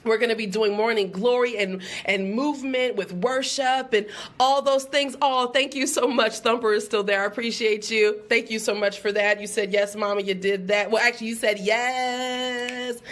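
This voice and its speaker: A woman giving an animated, emphatic pep talk on a live stream, talking straight to her viewers with quick laughs. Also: on the high side. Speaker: motivational speaker hosting a live stream.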